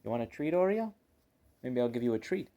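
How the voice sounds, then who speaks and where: A man's voice: mid-range voice, very fast, creaky, dark tone. A man filming casually at home, chatting and cooing baby talk at his cat. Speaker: channel host. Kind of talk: casual home video chat.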